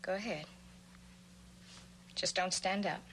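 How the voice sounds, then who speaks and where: A woman's voice: fairly low pitch, steady tone, slow, a bit bright, a little hiss or hum. An actress playing a tough young female outlaw with a gun who talks in a hard, curt, defiant way, in an old TV western. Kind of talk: 1960s TV western acting.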